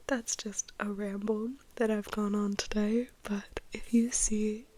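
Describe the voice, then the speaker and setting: Young woman, stuffy-nosed breathy ASMR whisper, slow and even, rambling and self-deprecating. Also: mid-range voice. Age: young adult. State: congested from a cold. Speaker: ASMR creator.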